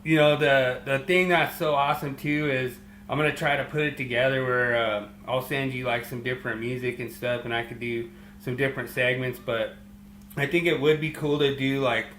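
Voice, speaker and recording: A man co-hosting a casual sports podcast, easygoing and agreeable, halting with fillers as he talks. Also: medium pitch, fairly even intonation, a bit bright, roomy sound, slight background noise. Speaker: podcast co-host. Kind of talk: casual chat.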